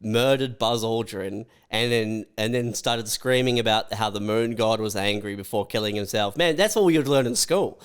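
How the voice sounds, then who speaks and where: A man's voice: lowish voice, normal speed, few pauses, clean tone. A man co-hosting a comedy podcast, laid-back and profane, spinning absurd scenarios with dry humor. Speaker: podcast co-host. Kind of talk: crude comedic banter.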